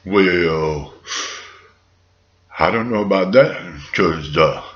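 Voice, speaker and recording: A man voicing a smooth, unbothered male pig who croons and drawls, calling everyone baby. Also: deep voice, very slow, a bit bright, dull audio, pitched below the performer's own voice, exaggerated voice. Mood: smooth, teasing.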